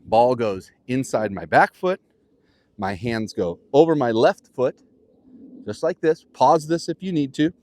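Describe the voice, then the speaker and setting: Lively, playful man coaching golf outdoors. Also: medium pitch, unhurried. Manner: playful, animated coaching with vivid imagery. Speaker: golf instructor. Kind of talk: on-course golf tutorial.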